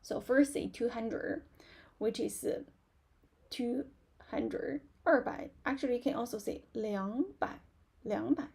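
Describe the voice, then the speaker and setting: Slow, husky-voiced woman teaching Chinese. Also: on the high side, mellow. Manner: slow, patient explaining with many fillers and repetitions. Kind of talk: live online language lesson.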